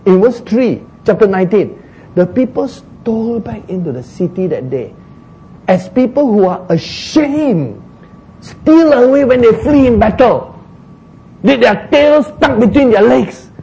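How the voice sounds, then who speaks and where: A man preaching a sermon, slow and emphatic, acting out laments dramatically. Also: sits high, very animated, mellow, slightly rough, rough recording. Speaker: pastor.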